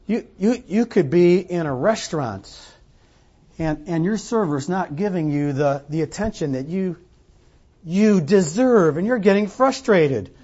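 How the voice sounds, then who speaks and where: Lively preaching man, muffled recording. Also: high voice, normal speed. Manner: conversational preaching with acted-out quotes. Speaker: pastor. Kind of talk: sermon. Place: church sanctuary.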